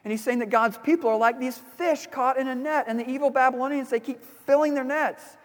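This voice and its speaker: A man preaching a sermon as pastor, telling a personal story in a relaxed, conversational way with fillers and restarts. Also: very high-pitched, fairly quick, big-room sound.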